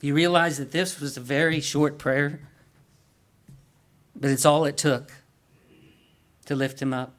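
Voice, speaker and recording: A man's voice: fairly high pitch, fairly even intonation, measured pace, long pauses, a bit bright. A man preaching a sermon in an earnest way, asking the congregation questions and often repeating or restarting words.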